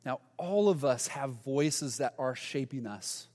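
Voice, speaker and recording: A man preaching a sermon, telling a story in a lively way and acting out the quoted lines. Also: medium pitch, a little slow. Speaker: pastor. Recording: long reverb of a large hall.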